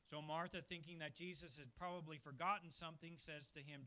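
A male pastor preaching a sermon at a church service, emphatic and swinging from quiet passages to loud ones. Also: fairly high pitch, fairly even intonation, fairly quick, few pauses.

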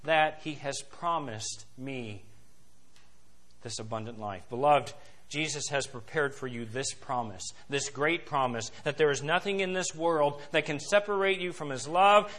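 Preacher with a bright, forceful voice. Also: male voice. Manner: swings between soft, low asides and loud, rising emphasis; quotes scripture and hymn lines in a slow, stressed cadence. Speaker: pastor. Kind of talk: sermon.

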